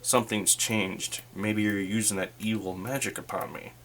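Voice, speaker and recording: A man voicing a gruff adult male adventurer who bluntly challenges a companion to a rematch. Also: on the low side, fairly even intonation, moderate pace, a bit bright, slight background noise. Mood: grumbling.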